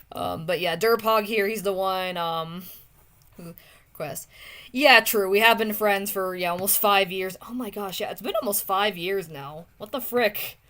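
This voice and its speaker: A young woman streamer chatting casually with viewers while drawing, often trailing off into soft muttering to herself as she works. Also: mid-range voice, unhurried. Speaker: streamer drawing art requests.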